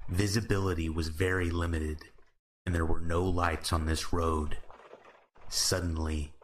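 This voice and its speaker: Slow deep-voiced man narrating horror stories. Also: a little hiss or hum. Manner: slow, measured, calm delivery. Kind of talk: scripted horror story narration.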